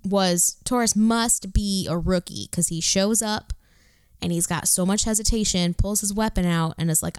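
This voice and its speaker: A woman co-hosting a casual chat show, talking in a relaxed, blunt way and swearing now and then. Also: mid-range voice, normal speed, smooth, no room sound, studio quality. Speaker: podcast co-host.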